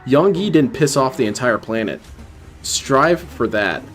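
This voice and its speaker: A man's voice: medium pitch, expressive, unhurried. A man bantering as co-host on a gaming stream, dry and joking, often rambling. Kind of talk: casual banter.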